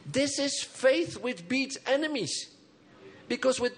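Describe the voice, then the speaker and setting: High-voiced man preaching with call and response. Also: animated, slow. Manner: engages the congregation with call and response; emphatic, swings between soft low phrases and high bursts. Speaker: pastor. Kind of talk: sermon.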